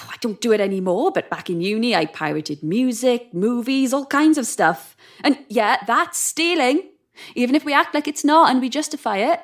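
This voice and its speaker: An actress playing a sarcastic, sharp-tongued young woman who swears often and stays defiant while frightened. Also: a little high, moderate pace, close to an everyday voice. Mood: wry. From Wales. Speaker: traveler at a strange customs desk. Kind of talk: audio drama acting.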